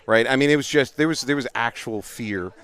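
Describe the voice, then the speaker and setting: A middle-aged man, casually telling animated paintball stories as a livestream commentator outdoors. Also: mid-range voice, fairly quick, clean tone. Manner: animated, laughing storyteller.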